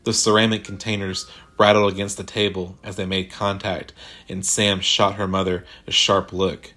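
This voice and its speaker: A man reading a sci-fi horror short story aloud in a measured, deliberate way. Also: low voice, flat delivery, sharp tone. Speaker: narrator. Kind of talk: scripted horror story narration.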